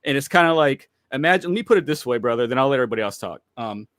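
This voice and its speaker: An earnest man on a video call in a casual debate, laying out his view. He talks persuasively and keeps checking with his listener. His pitch sits in an ordinary middle range for a man. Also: animated, racing, fairly bright tone, no room sound, rough recording. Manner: earnest, persuasive, repeats himself and asks "you know what I'm saying?". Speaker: guest on a livestream debate. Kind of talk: casual debate, explaining beliefs.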